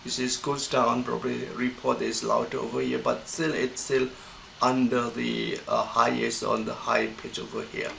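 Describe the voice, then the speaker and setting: Gravelly man teaching pronunciation. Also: medium pitch, little pitch movement, pushed and bright, a little hiss or hum, poor audio. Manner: halting, many fillers and restarts. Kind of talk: screen-recorded lecture.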